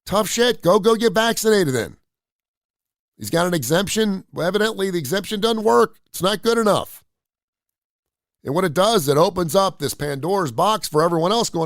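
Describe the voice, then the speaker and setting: A man's voice: high voice, normal speed, dry recording, clean studio sound. A man hosting a live radio show, ranting bluntly with crude humor. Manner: blunt, opinionated, animated rants with crude humor. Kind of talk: casual live-stream monologue.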